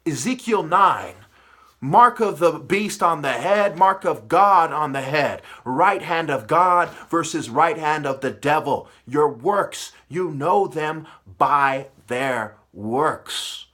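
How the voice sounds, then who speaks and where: A man delivers a profane, preachy spiritual rant. His voice sits a little high and has a sharp, forceful edge. He drops into low mutters and then climbs back into yelling. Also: expressive, takes it slowly. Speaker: channel host.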